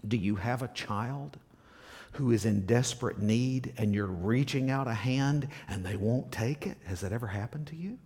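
A male pastor preaching a sermon, asking the congregation questions and swinging between loud emphasis and hushed near-whispers. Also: mid-range voice, normal speed, breathy edge.

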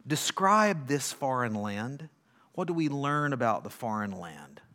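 A male pastor preaches a sermon, reading scripture dramatically and questioning his congregation. He swings between loud declarations and hushed asides, and his medium-pitched voice is sing-song at a measured pace.

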